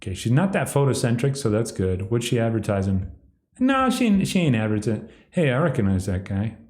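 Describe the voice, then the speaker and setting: A man's voice: medium pitch, very animated, fairly quick, a little mellow. Man, livestream commentator, sardonic, mocking, rambling, echoey room. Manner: sardonic, mocking, breaks into exaggerated impressions.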